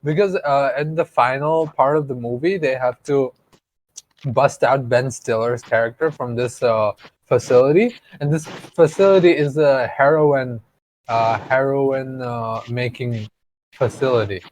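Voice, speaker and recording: A man's voice: mid-range voice, measured pace, darkish tone, a little hiss or hum, poor audio. A man co-hosting a podcast, rambling in casual chat, swearing freely and laughing often. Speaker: podcast co-host.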